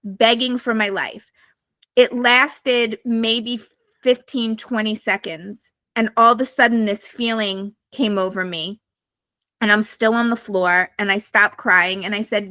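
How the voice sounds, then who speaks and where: A woman's voice: on the high side, fairly even intonation, unhurried, bright, forceful tone, no echo. A woman guest on a podcast telling her story to a live audience in a blunt, emphatic way with frequent swearing.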